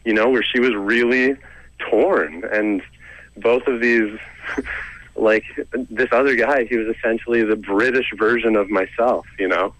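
Low-voiced young man telling a funny story. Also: fairly even intonation, measured pace, a bit bright, low-quality recording. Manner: chatty, self-mocking, laughs between lines. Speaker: comedian and storyteller guest. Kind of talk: casual storytelling interview.

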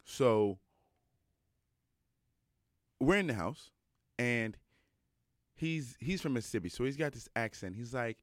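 A young adult man telling a personal story in a casual monologue, animated and emphatic, with many fillers. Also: mid-range voice, takes it slowly, long pauses, no room sound, clean studio sound.

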